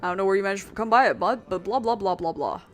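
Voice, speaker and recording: A woman's voice: mid-range voice, very fast, soft background music, natural voice. A woman voicing a nervous, lovestruck young man in a New York accent, stammering as she reads game dialogue. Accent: New York put-on. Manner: hesitant, stammering.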